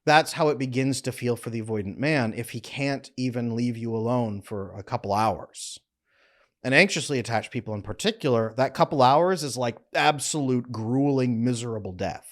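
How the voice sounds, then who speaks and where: Blunt, emphatic male relationship coach. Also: moderate pace. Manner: emphatic, blunt, animated with frequent pitch jumps. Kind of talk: direct-to-camera advice talk.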